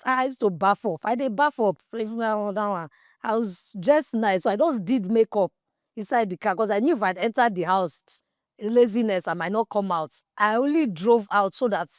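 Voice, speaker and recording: A woman's voice: medium pitch, dry recording, clean studio sound. Nigerian woman telling a candid story. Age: 40s. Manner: animated, slips into pidgin and plays out quoted dialogue. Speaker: podcast host.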